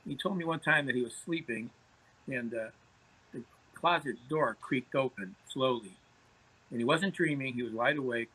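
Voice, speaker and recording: A man's voice: mid-range voice, moderate pace, pushed and bright, slightly rough, low-quality recording. A man, a podcast guest telling anecdotes in conversation, often repeating words as he starts phrases. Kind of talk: storytelling in conversation.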